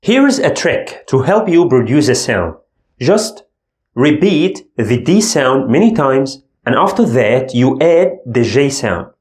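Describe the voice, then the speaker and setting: Male language teacher, slow and lively delivery, echoey room. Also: medium pitch. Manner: slow, demonstrates letter sounds from the throat. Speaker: Arabic teacher. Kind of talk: language lesson.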